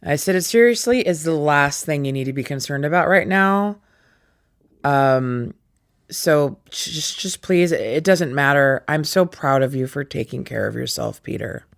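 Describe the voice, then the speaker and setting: A woman in her forties intensely retelling a family story, with halting restarts and acted-out quoted dialogue. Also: sits low, lively intonation, vocal fry, no room sound, studio quality. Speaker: interviewee. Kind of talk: personal storytelling.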